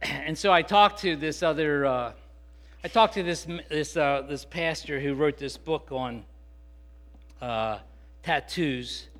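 A man's voice: a little high, slow pace, a bit bright. A man preaching a sermon, earnest and conversational, with fillers and restarts that build to emphatic, rising passages. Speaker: pastor.

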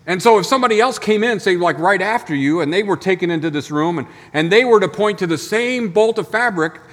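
A man's voice: high voice, expressive, fairly quick, a bit bright, long reverb tail. A man preaching a sermon as pastor, in a conversational storytelling manner full of rhetorical questions. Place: church sanctuary.

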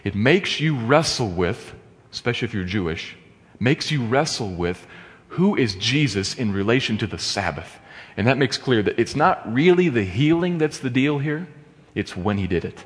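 A man preaching a sermon, swinging between quiet, measured teaching and impassioned exclamations and rhetorical questions. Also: mid-range voice, expressive. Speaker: pastor. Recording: long hall reverb.

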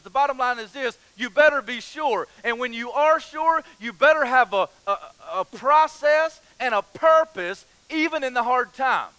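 A man's voice: extremely high pitch, moderate pace, few pauses, sharp tone, clean tone, no echo, low-quality recording. A man preaching a sermon as pastor, passionate, repeating phrases and asking rhetorical questions.

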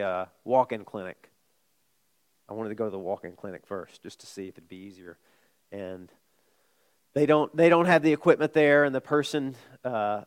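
A middle-aged man preaching a sermon, telling a personal story in a conversational way, jumping from loud asides to hushed admissions. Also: medium pitch. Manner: conversational, with restarts and sudden swings from loud to hushed. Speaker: pastor.

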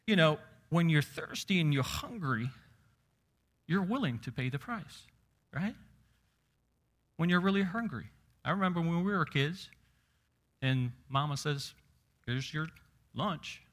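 A man preaching a sermon. He slows down on key words and keeps asking his listeners questions. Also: fairly high pitch, expressive, a bit bright. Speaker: pastor.

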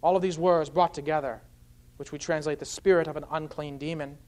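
Man, high voice, pastor, earnest sermon, careful scripture explanation. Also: steady tone, fairly quick, a little mellow. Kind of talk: expository sermon.

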